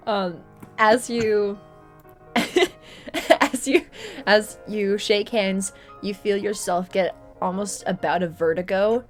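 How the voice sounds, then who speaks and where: A young woman narrating a tabletop game as game master, relaxed, with frequent ums and laughs. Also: mid-range voice, slow pace, faint music behind.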